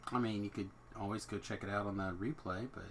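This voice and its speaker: Over crowd noise, a man with a lowish, steady voice talks fast while hosting a game stream from home. He chats casually as he plays, rambling and thinking aloud about his setup.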